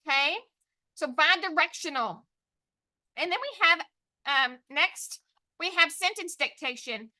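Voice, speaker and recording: Woman teacher running an online spelling class, high and bright, slow and deliberate dictation. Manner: slow, drawn-out dictation of syllables and letters.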